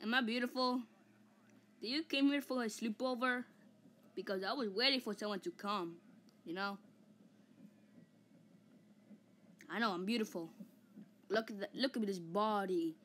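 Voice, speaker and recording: A woman's voice: mid-range voice, moderate pace, long pauses, a bit bright, a little hiss or hum, close to an everyday voice. A woman voicing a vain, hot-tempered giant male ape in a comic fan dub, taunting and boasting with mock roars. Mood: vain, boastful.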